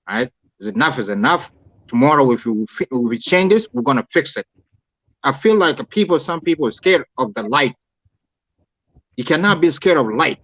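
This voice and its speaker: A man's voice: on the high side, fairly bright tone, no echo, dull audio. A man calling in to a talk show, speaking in a heated, preachy, repetitive way. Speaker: caller. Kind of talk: impassioned call-in rant.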